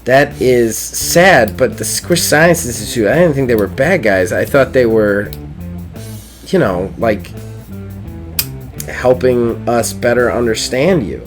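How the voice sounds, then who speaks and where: A man voicing his own tabletop character, a flustered math teacher who argues loudly. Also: mid-range voice, expressive, takes it slowly, soft background music. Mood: firm. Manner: exasperated, yelling back.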